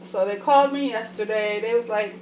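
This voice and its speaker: A woman talks fairly quickly in a medium-pitched voice, a bit congested from a sinus infection, while cooking for a vlog. She's frank and casual, rambling as thoughts come to her. The audio is poor, with slight background noise.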